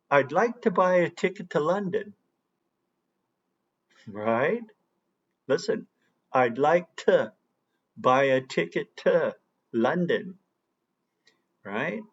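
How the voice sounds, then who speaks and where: A man walks learners through an English lesson at an unhurried pace. His voice sits in a middle register and keeps checking that the listener follows along. The recording sounds muffled and lo-fi. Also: mid-range voice. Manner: patient, checks in often with "right?". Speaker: English teacher. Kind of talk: slow explanatory lesson. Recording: dull lo-fi recording.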